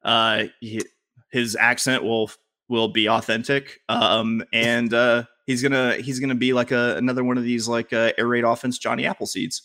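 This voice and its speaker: A man's voice: medium pitch, normal speed. A man with a Southern accent from Louisiana, hosting a casual sports podcast and ranting with lots of swearing. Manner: profane, animated ranting. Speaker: podcast host.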